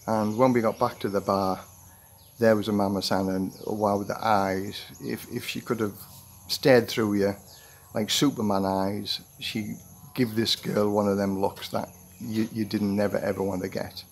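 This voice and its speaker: This retired vlogger in his sixties has a lowish, vocal-fried voice with fairly even intonation and a moderate pace. He rambles through a personal story to camera, restarting often and acting out what people said.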